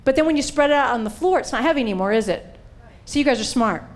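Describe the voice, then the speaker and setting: Animated woman preaching with humor. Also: sits high, quick pace. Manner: animated, acts out voices in quotes. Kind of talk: humorous sermon storytelling.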